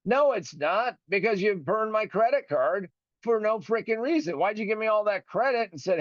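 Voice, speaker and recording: A man's voice: high voice, expressive, normal speed, no room sound. A man hosting his own show, ranting with profanity and indignation and acting out both sides of a phone call. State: recovering from a broken finger. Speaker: podcast host. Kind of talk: ranting monologue.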